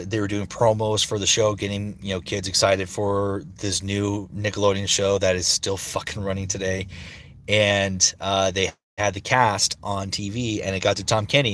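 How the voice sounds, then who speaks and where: A man's voice: on the low side, fairly bright tone. A man in his thirties, a voice actor chatting casually on a livestream, rambling and swearing freely. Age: 30s. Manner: rambling, searching for words.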